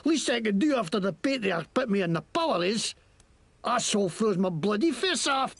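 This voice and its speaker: A man's voice: sits high, big pitch swings, normal speed, a bit bright, no echo, exaggerated voice. An actor playing a crude, boastful male shopkeeper and crook with a put-on Scottish accent, in a video game. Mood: defiant. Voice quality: gravelly, profane, blustering.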